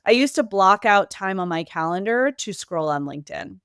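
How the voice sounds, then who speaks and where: A woman with a New England accent talking casually as a podcast guest, quick and lively with many fillers and restarts. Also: medium pitch, clean tone, no echo, clean studio sound. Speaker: podcast guest, marketing executive. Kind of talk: casual interview talk.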